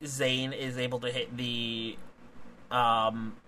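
Bright-voiced excitable young man recapping. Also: mid-range voice, slow pace, slight background noise. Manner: excitable, swearing, laughs often. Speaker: wrestling podcast co-host. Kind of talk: casual podcast chat, recapping a match.

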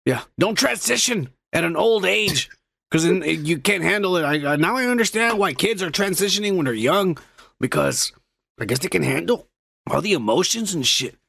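A man's voice: high voice, lively intonation, moderate pace, vocal fry, bright, forceful tone, slightly rough, dry recording, studio quality. A man co-hosting a podcast, grumbling and swearing in a crude, drunk, casual chat. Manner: profane, grumbling, mock-angry. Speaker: podcast co-host.

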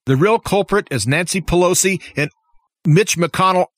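A man's voice: sits high, normal speed, a bit bright, no room sound, clean studio sound. Impassioned man ranting politics. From United States. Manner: impassioned, opinionated, full of rhetorical questions. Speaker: talk show host. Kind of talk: political commentary monologue.

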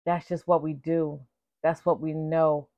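A woman in her forties talks to her viewers in a lively, chatty way, calling them "baby" and "y'all." Her voice sits a little low and is going slightly hoarse. The recording is dull, lo-fi and dry. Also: a little slow, dry recording. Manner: animated, chatty, calls listeners "baby" and "y'all". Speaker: vlogger. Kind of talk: casual chat to viewers.

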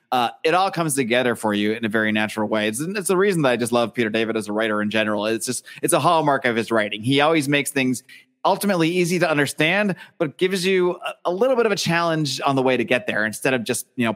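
A man's voice: medium pitch, a bit bright. A man co-hosting a podcast, talking enthusiastically about comics and thinking aloud with many restarts. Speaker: podcast co-host. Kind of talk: casual comic book discussion.

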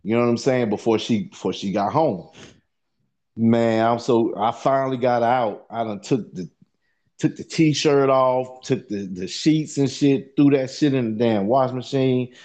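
In a casual podcast chat, a man rambles through a long, profane story, repeatedly saying "you know what I'm saying." His voice is mid-range, a little slow and a little mellow.

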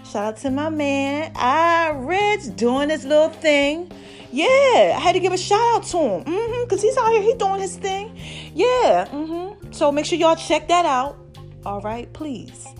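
A young woman hosting her own show, chatting playfully to her followers and calling them baby, with faint music underneath. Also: sits high. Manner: animated, playful, calls listeners baby. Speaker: vlogger and podcast host. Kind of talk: casual chat to followers.

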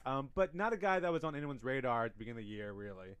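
A man's voice: mid-range voice, very animated, racing, fairly bright tone, clear, resonant tone, no room sound. A man co-hosting a casual sports podcast, talking through minor-league stats and often restarting his sentences. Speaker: podcast co-host.

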